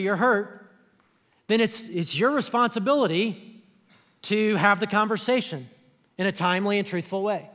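A man's voice: sits high, a bit bright. A man preaching a sermon in a conversational way, explaining scripture to his congregation in a church. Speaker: pastor. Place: church auditorium. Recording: long hall reverb.

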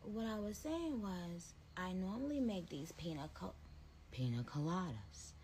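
A woman vlogger in casual chat, playful and animated. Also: lowish voice, a little slow, a little hiss or hum.

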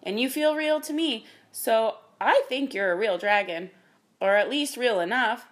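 A woman's voice: a little high, unhurried, close to an everyday voice. A woman voicing a friendly, practical young girl in a storybook reading, reassuring in tone.

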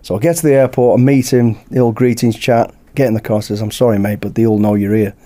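A British man, a podcast guest, telling a lively anecdote in casual chat and acting out the dialogue. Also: mid-range voice, quick pace. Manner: lively anecdote-teller who acts out dialogue. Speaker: podcast guest, former bodyguard.

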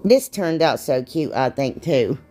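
A woman's voice: low voice, expressive, unhurried, mellow, faint music behind. A woman chatting casually through a craft tutorial, rambling and self-deprecating, laughing at herself. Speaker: DIY crafts vlogger.

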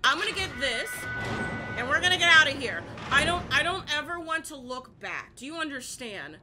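A young woman playing a horror game and commentating, panicking, repeating herself and shouting at the game. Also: sits high, big pitch swings, normal speed, over music. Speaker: gaming YouTuber.

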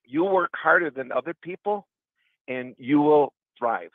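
Slightly high-voiced and animated yet measured in pace, a middle-aged Wisconsin man calls in to radio with long, earnest stories from his past that ramble on. The call comes over a tinny phone, recorded dry.

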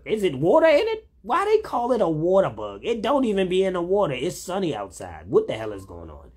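A man's voice: a little high, breathy edge. Rambling man in his late thirties. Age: 30s. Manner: laid-back, rambling, frequent "you know what I'm saying". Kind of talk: rambling casual monologue.

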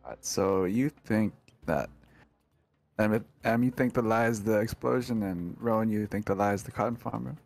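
A man playing a tabletop game, unhurried and teasing. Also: lowish voice, creaky, a little mellow, faint music behind. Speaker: player. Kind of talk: casual tabletop play.

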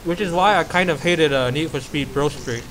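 A man's voice: fairly high pitch, normal speed, fairly bright tone. A young man chatting casually with a friend during a co-op game, laid-back and brief in his replies. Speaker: co-op gaming partner. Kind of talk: casual co-op gaming chat. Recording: game music playing under voice.

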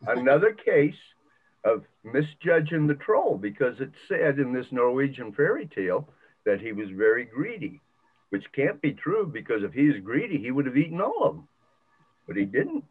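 A man's voice: medium pitch, very animated, moderate pace, slightly rough. An older man retelling a folk tale with a moral in a folksy, dramatic way, heard over a video call. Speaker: church member telling a story. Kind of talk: storytelling with a moral. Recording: tinny video call audio.

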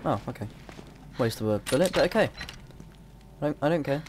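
A man's voice: mid-range voice, animated, fairly quick, very noisy. A young man, a bit ill, chatting and rambling distractedly as he comments on his gameplay. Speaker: gamer. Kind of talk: let's play commentary.

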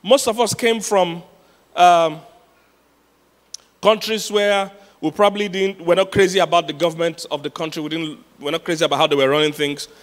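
A man's voice: fairly high pitch, fairly even intonation, normal speed. A man preaching a sermon as pastor, telling stories with laughs and repeating his key points for emphasis. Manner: storytelling with laughs, emphatic repetition. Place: large church hall. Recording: long hall reverb.

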